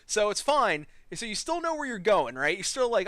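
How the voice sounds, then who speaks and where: A man's voice: high voice, moderate pace, few pauses. A man hosting a casual gaming podcast, telling a long profane story with lots of laughter. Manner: profane, rambling, laughs often; animated storytelling. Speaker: podcast host.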